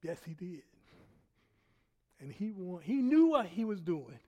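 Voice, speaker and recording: A man preaching a sermon, telling a personal story in an animated way, laughing often and dropping from loud bursts to hushed quiet. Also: high voice, measured pace, dull audio. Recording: long hall reverb.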